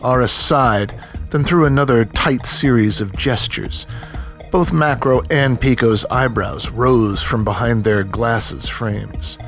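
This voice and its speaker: Male narrator, mid pitch, measured storytelling, faint music behind. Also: a bit bright. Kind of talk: audiobook narration.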